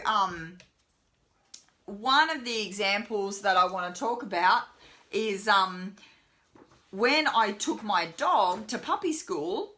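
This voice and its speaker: A woman's voice: mid-range voice, bright, forceful tone. A woman horsemanship trainer giving a casual live lesson, chatty with lots of fillers. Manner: chatty, many fillers, voices the horse's thoughts.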